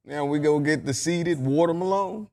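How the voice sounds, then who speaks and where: A man's voice: medium pitch, animated, moderate pace, slight background noise. A man co-hosting a casual podcast chat, laid-back and laughing often.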